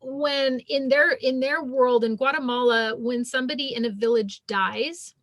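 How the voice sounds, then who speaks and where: A middle-aged woman speaks as a podcast guest, her voice sitting a little high. She tells stories earnestly, full of likes and you-knows. The recording is dry and close, with almost no room sound. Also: fairly even intonation, moderate pace, no echo. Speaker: podcast guest, shamanic healer and former physician. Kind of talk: casual interview chat.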